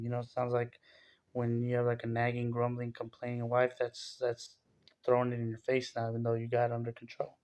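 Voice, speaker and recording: A man leads a scripture study, reading verses aloud and then breaking them down in an easygoing, conversational way. His pitch stays level and even, with little rise and fall, as he moves between the text and his own comments. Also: fairly quick, smooth. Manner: conversational, reads verses then explains with casual asides. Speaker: Bible teacher.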